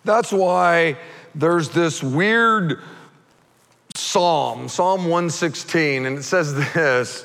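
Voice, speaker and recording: A male pastor preaches with lively fervor in a high, bright, forceful voice, often rising to a shout. His voice carries through a long church reverb. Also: very slow, gravelly, pauses often. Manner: animated, builds to fervent shouting, acts out voices. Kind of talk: sermon.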